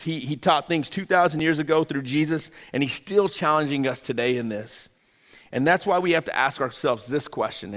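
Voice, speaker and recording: A man's voice: a little high, fairly bright tone, in a large hall. A man in his thirties preaching a sermon in a conversational way, repeating phrases and acting out imagined voices. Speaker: pastor.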